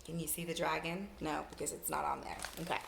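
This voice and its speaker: A young woman teacher reading a picture book aloud to children, in an animated, playful way. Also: sits low, fast, creaky, roomy sound, a little hiss or hum.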